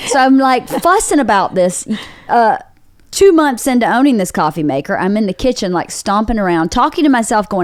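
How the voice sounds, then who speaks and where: A woman hosts a podcast in casual chat, telling a story with an animated delivery. Her pitch swings widely as she acts out what people said, often swearing. The recording is dry and close. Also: normal speed, no room sound. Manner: animated, profane storytelling with acted-out quotes. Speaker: podcast host.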